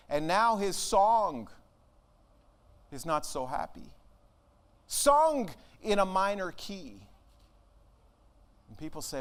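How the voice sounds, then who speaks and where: Earnest preacher man, higher voice. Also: lively intonation, moderate pace, pauses often. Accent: American. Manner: earnest, dropping to a hush on emotional lines. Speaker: minister. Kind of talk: conversational sermon. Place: church sanctuary.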